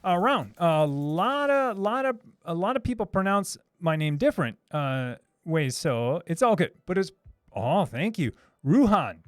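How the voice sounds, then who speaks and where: A man's voice: high-pitched, sing-song, measured pace, clear, resonant tone, no echo, studio quality. A man hosting a casual live stream, answering chat questions in a hesitant, restarting way. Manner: hesitant, many restarts, reads chat aloud.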